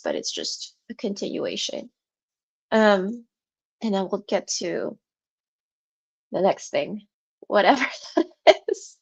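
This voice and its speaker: With a gravelly, fairly high voice, a woman hosts a writing livestream from her home, chatting casually and ramblingly with viewers. She sounds congested and breathless, has a sore throat, and laughs frequently.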